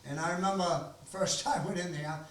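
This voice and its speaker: An older man from Maine tells stories to a room full of people, rambling and folksy, with plenty of ums and restarts. His voice sits fairly high. It comes from far off in a very echoey library room. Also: fairly even intonation, quick pace, a little hiss or hum. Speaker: host of a storytelling gathering. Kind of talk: casual storytelling to an audience.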